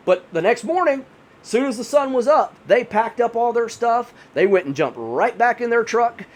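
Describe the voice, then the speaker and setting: High, animated male horror storyteller. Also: normal speed. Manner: rambling, many 'you know' fillers. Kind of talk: casual spoken horror storytelling.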